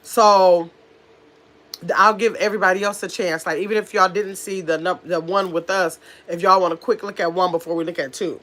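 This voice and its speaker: A woman's voice: fairly low pitch, steady tone, a little fast, fairly bright tone. A woman hosting a casual home livestream, chatting with viewers and reading out their comments. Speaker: livestream host. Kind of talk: casual live chat with viewers. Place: at home in pajamas.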